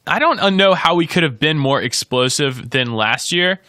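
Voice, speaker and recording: A man's voice: a little high, lively intonation, moderate pace, bright, forceful tone, no room sound, clean studio sound. A man co-hosting a casual podcast chat, rambling and joking with many restarts. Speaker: podcast co-host.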